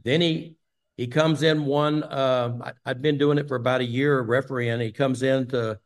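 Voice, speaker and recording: A man's voice: medium pitch, fairly even intonation, moderate pace. An older man from Texas, a guest in an interview, telling long stories with many fillers. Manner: rambling storyteller with many fillers. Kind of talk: casual storytelling interview.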